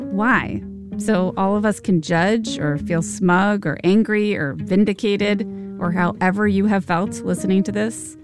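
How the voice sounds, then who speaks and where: A woman hosting and narrating a podcast. She reads her script in a measured, thoughtful way. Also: mid-range voice. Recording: narration over guitar music. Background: guitar music.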